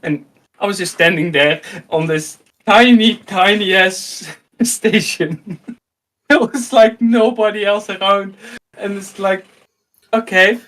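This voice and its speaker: A man in his thirties with a high voice and a Dutch accent, telling a story in relaxed chat. He jumps into the voices of the people in the story and laughs often as he goes. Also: slow pace. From Netherlands. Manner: animated, acts out dialogue, laughs often. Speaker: host.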